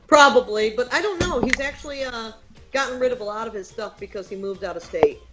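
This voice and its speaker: A woman's voice: a little high, brisk, over music, rough recording. A woman from Michigan, a podcast guest telling stories in a casual chat and acting out the people she quotes. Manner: animated storyteller, acts out quoted voices. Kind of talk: casual storytelling on a podcast call.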